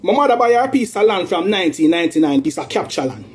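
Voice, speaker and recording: A Jamaican man with a high-pitched voice rants heatedly in thick patois, airing a family dispute. He sounds aggrieved and accusing, talking fast in a sing-song way and circling back over the same points again and again.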